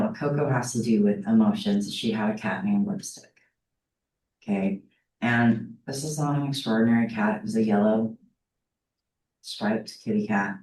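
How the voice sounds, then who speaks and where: With a mellow bass voice, this middle-aged psychology instructor leads her class through casual, talkative stories. She often stops to check in with her students. The sound is distant and echoey, like a classroom heard from the back.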